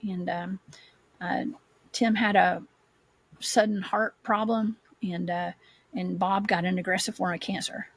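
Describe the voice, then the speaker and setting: A woman, a paranormal investigator, telling her story as a guest in a casual podcast chat, animated and rambling. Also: medium pitch, a little slow, breathy edge, no room sound.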